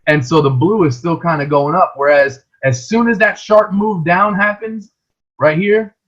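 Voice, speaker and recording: A man's voice: sits high, normal speed, fairly bright tone, lo-fi sound. A man teaching a trading lesson over a shared screen, explaining patiently and often checking in with "right?".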